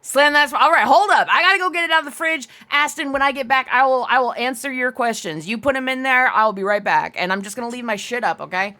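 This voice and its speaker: A woman's voice: high-pitched, fast, few pauses, pushed and bright. A young adult woman live-streaming, chatting casually with her viewers in a giggly, rambling way and answering chat aloud.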